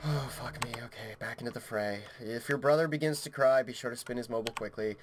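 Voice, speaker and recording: A man's voice: mid-range voice, fast, faint music behind. A man commentating a horror game into a headset mic, frantic and yelping, swearing constantly. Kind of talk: panicked horror-game let's play commentary.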